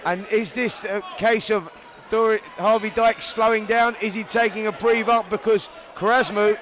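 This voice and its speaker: A man's voice: high voice, fairly even intonation, measured pace, a bit bright, some chatter behind. A man with a Cockney accent giving live boxing commentary in a chatty, bantering way.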